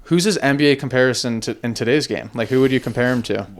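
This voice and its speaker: A man's voice: medium pitch, fast talker. A man co-hosting a sports podcast, talking in an eager, rambling way with many fillers. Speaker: podcast co-host. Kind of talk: casual sports chat.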